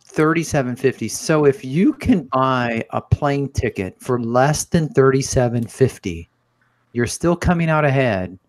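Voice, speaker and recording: A man's voice: medium pitch, lively intonation, measured pace, darkish tone. A man on a podcast thinking aloud and asking surprised questions. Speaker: podcast co-host. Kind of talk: casual podcast chat.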